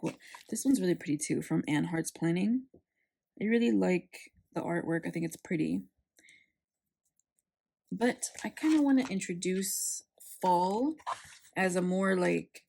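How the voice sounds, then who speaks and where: Chatty woman with a creaky voice. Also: fairly low pitch. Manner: animated, acts out quotes with sarcasm. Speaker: planner vlogger. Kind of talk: chatty storytelling while crafting.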